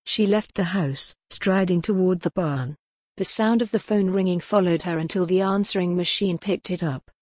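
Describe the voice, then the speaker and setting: A woman narrating a gothic novel in an even, steady storytelling voice. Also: lowish voice, normal speed, no echo, clean studio sound. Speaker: audiobook narrator.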